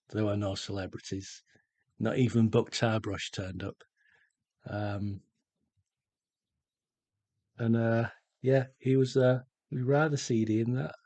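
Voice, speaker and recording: A middle-aged man chatting casually while he paints, slow and rambling with many pauses. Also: on the low side, warm tone, no room sound. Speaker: art vlogger.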